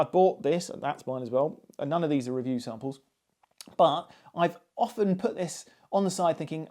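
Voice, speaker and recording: Chatty man, mellow voice. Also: fairly high pitch. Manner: chatty, musing, with frequent ums and asides. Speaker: hi-fi reviewer. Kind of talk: casual spoken product review.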